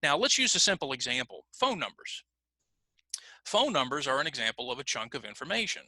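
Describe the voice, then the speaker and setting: A man's voice: medium pitch, big pitch swings, brisk, pushed and bright, no echo. A man teaching an adult English pronunciation class, explaining patiently and modeling example phrases aloud. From United States. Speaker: ESL teacher. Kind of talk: online English pronunciation lesson.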